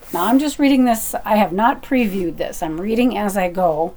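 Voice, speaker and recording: A woman sharing personal spiritual revelations, reading her prayer journal aloud in an unhurried, halting way, with fillers and self-corrections. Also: medium pitch, dark tone, a little hiss or hum.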